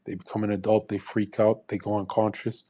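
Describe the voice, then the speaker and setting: Brash low-voiced young man, crude and combative. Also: little pitch movement, a little fast, warm tone, slightly rough. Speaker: livestream host. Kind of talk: provocative monologue on a live audio room.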